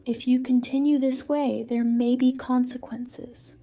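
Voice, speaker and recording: A woman's voice: sits high, little pitch movement, a little slow, mellow. Woman reading as a stern male school director.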